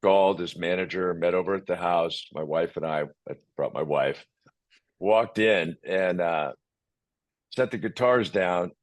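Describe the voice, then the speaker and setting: A man, a real estate agent, telling a story in casual conversation, animated and acting out the people he quotes. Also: sits low, measured pace. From Hawaii.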